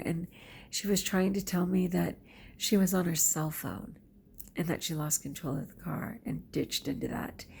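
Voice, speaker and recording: A woman vlogger recounting a story in a lively way, sometimes dropping to a whisper. Her voice sits lowish, with a husky, gravelly texture. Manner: animated storyteller, drops to whispered asides. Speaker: teacher and vlogger. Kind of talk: personal storytelling vlog.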